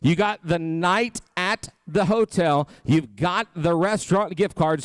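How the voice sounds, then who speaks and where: Rapid-chanting man auctioneer, smooth voice. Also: high voice, no room sound. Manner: playful crowd banter. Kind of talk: live charity auction calling. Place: banquet hall at a gala.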